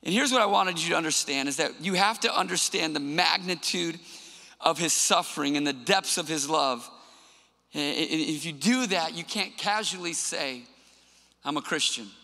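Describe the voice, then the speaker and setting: A man giving a sermon as pastor in a church, earnest and emphatic, in a long hall reverb with soft music behind. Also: a little high, moderate pace, gravelly.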